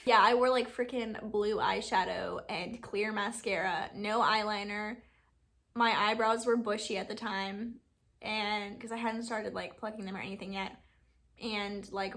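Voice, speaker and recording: A woman's voice: mid-range voice, fairly bright tone. A woman in her twenties from Alabama, chatting casually and rambling through a Q&A vlog, laughing often. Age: 20s. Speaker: beauty YouTuber.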